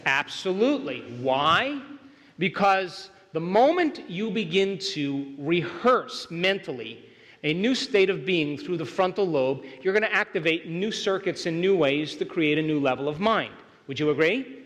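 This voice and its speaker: A man's voice: on the high side, animated, unhurried, fairly bright tone. Man lecturing in a reverberant hall. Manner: keeps checking in with the audience. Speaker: seminar speaker. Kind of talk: motivational seminar lecture. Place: large lecture hall with a live audience.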